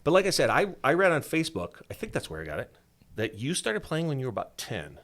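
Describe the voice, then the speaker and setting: A man's voice: medium pitch, fast talker. A male show host chatting casually with a guest, joking and self-deprecating. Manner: jokey, self-deprecating, animated. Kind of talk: casual interview chat.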